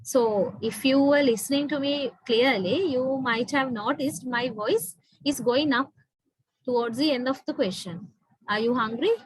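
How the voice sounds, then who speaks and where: A woman's voice: sits high, measured pace, slightly rough, no echo, rough recording. A woman lecturer with a Sri Lankan English accent, patiently explaining in an online class and often checking in with her students.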